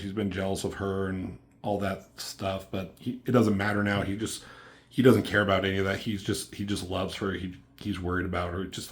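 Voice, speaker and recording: A man with a notably low voice talks through a comic book review in a loose, rambling way. He leans on fillers and drops casual swears as he sums up the story.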